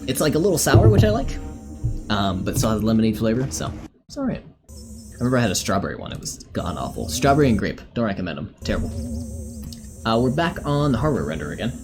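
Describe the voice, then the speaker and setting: Man, live streamer, rambling casual chat, animated pitch, music playing behind. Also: fast talker. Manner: rambling and easygoing, with many fillers.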